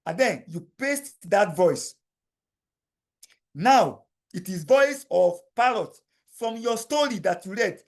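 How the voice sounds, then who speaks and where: A man teaching a software tutorial as a voice-over on a screen recording. He speaks to the viewer directly, explaining each step slowly and repeating points to make sure they land. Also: high voice. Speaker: tutorial instructor.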